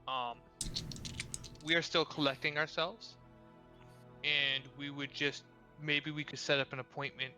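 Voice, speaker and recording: A man's voice: fairly high pitch, level tone, unhurried, pauses often, bright, forceful tone, faint music behind. A man playing a tabletop game, partly in character, in a hesitant, polite manner. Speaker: player.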